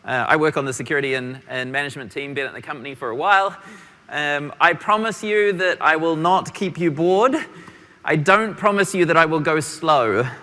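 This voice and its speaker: A man with a New Zealand accent giving an energetic, quick tech conference talk. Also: a little high, in a large hall. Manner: energetic, quick, self-deprecating. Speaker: conference presenter. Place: large conference hall.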